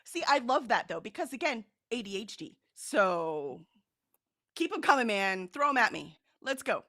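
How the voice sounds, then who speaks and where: A woman co-hosting a reading stream in casual chat, reading out viewer comments with animated, laughing energy. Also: fairly high pitch, moderate pace, no echo, clean studio sound. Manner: animated, chatty, laughs often. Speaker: co-host of a reading sprint stream.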